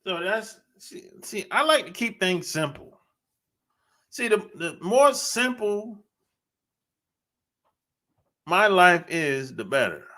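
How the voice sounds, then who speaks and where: Male podcast host, high lively voice, unhurried, blunt, laughs a lot. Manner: blunt, laughing often, drawn-out emphatic phrasing. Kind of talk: casual monologue.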